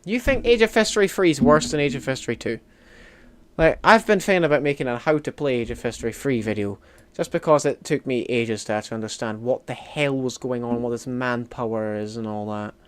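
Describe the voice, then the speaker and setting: With a smooth, mid-range voice and a slightly fast pace, a young streamer from Scotland chats his way through a strategy game. He reads chat and replies jokingly, drifting between mumbled asides and loud, mock-indignant outbursts.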